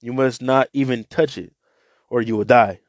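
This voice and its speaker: A man's voice: mid-range voice, steady tone, moderate pace, no echo, clean studio sound, lightly acted. A man reading the words of the first woman from a Bible. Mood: earnest. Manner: reads the lines plainly from a Bible. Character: first woman, careful and earnest.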